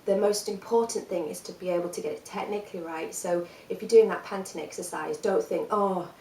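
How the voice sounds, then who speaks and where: A woman teaching a singing workshop, talking the listener through breathing and vocal exercises in a calm, encouraging, step-by-step way. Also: on the low side, brisk, roomy sound, far from the mic, a little hiss or hum, rough recording.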